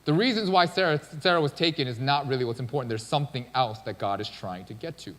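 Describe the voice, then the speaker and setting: A man's voice: medium pitch, lively intonation, fast, a bit bright. A male pastor preaching a sermon in a casual, conversational storytelling manner. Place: church sanctuary. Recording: long church-hall reverb.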